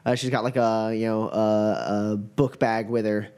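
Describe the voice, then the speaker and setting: A man narrating as game master, halting with many fillers. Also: on the low side, level tone, a little mellow, clean tone.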